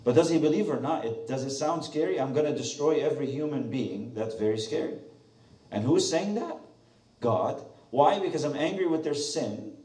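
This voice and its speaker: A man preaches with an animated, rising and falling voice, firing questions at his congregation. His mellow tone carries through an echoey sanctuary, heard from a little way off the mic. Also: a little high, normal speed, far from the mic. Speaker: pastor. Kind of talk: sermon. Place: church sanctuary.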